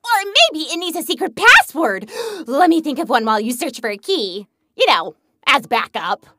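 A woman's voice: high voice, sing-song, normal speed, pushed and bright, dry recording, clean studio sound, heavily acted. A woman voicing a hyper, gleeful young huntress in a video game who loves smashing things, bubbly and bouncy. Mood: chatty. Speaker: game character.

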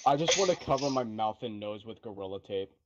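A man's voice: fairly low pitch, animated, a little fast, dull audio, very noisy. A young man in casual gaming voice chat, incredulous and swearing, with theatrical outbursts. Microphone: gaming headset.

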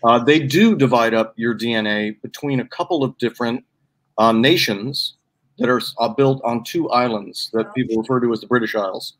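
A man's voice: mid-range voice, brisk. A man in casual chat, playful and teasing, stretching out each reveal. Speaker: guest presenter.

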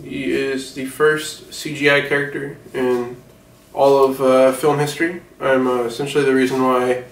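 A man acts out a self-important film mogul who rambles and boasts, easily sidetracked and quick to get defensive. The voice sits at a middling pitch and is picked up from a distance, with a roomy echo around it. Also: little pitch movement, vocal fry, natural voice. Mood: rambling. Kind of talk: satirical mock interview.

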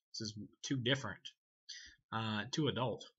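A man's voice: lowish voice, unhurried, a bit bright, breathy edge, highs cut off. A man casually reviewing a movie, rambling, swearing and laughing often as he talks. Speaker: film reviewer.

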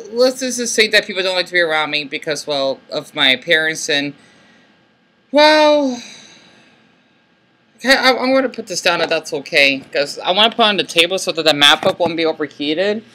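Squeaky, hesitant young American man. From United States. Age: late 20s. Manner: soft-spoken and hesitant, with many restarts and fillers. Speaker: vlogger. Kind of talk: casual vlog monologue. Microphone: laptop built-in mic.

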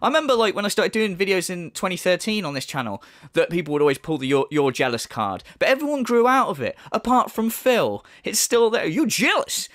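A man rants in angry commentary, swearing and mocking in a high, swooping voice. The sound is close and dry. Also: sing-song, a little fast, a bit bright, no echo. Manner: heated, profane, sarcastic ranting. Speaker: YouTube commentator.

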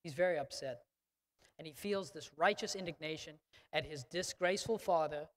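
A man's voice: fairly high pitch, normal speed. A male pastor preaching a sermon in an emphatic, conversational way, often checking in with the congregation. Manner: emphatic, conversational, frequent "okay?". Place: church sanctuary. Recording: long church reverb.

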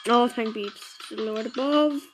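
Excitable female gamer, high voice. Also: normal speed, poor audio. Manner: chatty and excitable, talking to viewers while playing. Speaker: gameplay video maker. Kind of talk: casual gameplay commentary. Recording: loud game music behind.

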